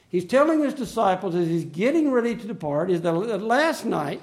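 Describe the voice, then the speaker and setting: A man preaching a sermon in an earnest, emphatic way, slowing down to stress key phrases. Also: very high voice.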